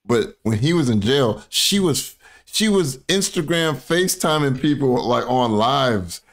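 A man's voice: medium pitch, expressive, measured pace. A man hosting a live stream, giving casual, rambling commentary with chuckling asides while he watches a video. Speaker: stream host reacting to a video.

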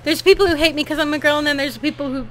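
A woman with a high, bright voice hosts a casual co-op game session. She laughs often and swears freely as she plays. Her tone stays playful and loose throughout. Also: steady tone, rapid-fire, a little hiss or hum, rough recording. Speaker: let's play host. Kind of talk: casual gameplay chat.

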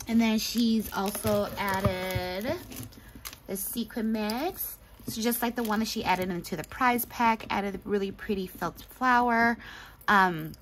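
A woman's voice: medium pitch, slight background noise, poor audio. Gushing woman unboxing crafts. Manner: gushing, chatty, frequent laughs. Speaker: craft channel host. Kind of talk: casual craft mail unboxing.

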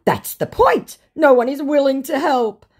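A woman's voice: high-pitched, expressive, measured pace, pitched above the performer's own voice. A woman putting on the voice of a pleading, indignant young male scammer, whiny and begging.

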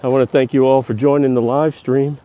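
A man's voice: medium pitch, level tone, a little fast, dark tone. A man narrating a casual live-stream walking tour outdoors, out of breath from climbing stairs and chatting to his viewers as he goes. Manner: chatty, addresses viewers as guys. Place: outdoors on a hillside park at dusk.

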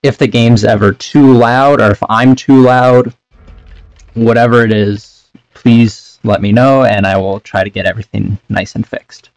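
A man's voice: medium pitch, steady tone, measured pace, no room sound. A young man streaming for the first time, chatting casually and apologetically while setting up, on a cheap microphone. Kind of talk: casual chat. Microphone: cheap desk microphone.

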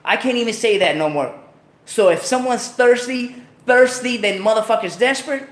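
A man's voice: very high-pitched, moderate pace, roomy sound. A man hosting his own show in a casual rant, full of profane street slang and repeated lines. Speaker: show host.

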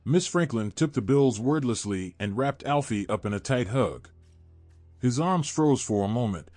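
A man giving a steady, measured scripted narration of a horror story. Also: medium pitch, no echo. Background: faint music.

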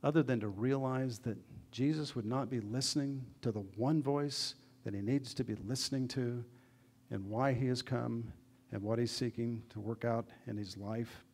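In a church, a man with a mid-range, slightly breathy voice delivers an earnest sermon at normal speed. As pastor, he questions the congregation and moves from loud, emphatic lines to quiet asides.

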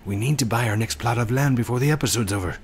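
A man hosting a gaming video, commentating in an excitable, rushed and joking manner. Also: medium pitch, slight background noise. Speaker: gaming channel host. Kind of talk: game commentary.

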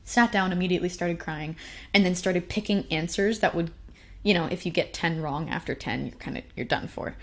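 A woman's voice: on the low side, fairly quick. Chatty young woman telling a story. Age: young adult. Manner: chatty and self-deprecating, laughs often. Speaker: conference speaker. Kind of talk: personal storytelling talk.

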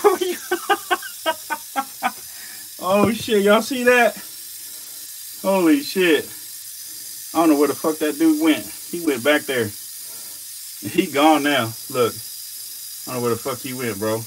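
A man casually commenting while filming, excitable and slangy, swearing often and talking both to his animals and to viewers. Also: mid-range voice, slight background noise, rough recording. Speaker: reptile keeper vlogger.

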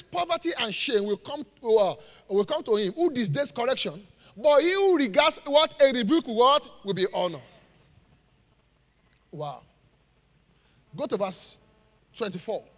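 A man preaching a live sermon in church, joking with the congregation and pausing for it to finish Bible verses. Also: very high voice. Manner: call-and-response, leaves gaps for the congregation to finish verses; jokes and laughs with the congregation. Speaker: pastor. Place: church auditorium. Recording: live church hall reverb.

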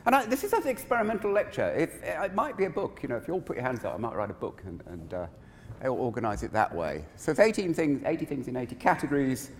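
A man speaks from the stage of a large conference hall, his voice ringing with a long reverb. His pitch sits a bit high and swings widely as he talks. He delivers his keynote in a chatty way, wandering off on asides. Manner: animated, conversational, digressive.

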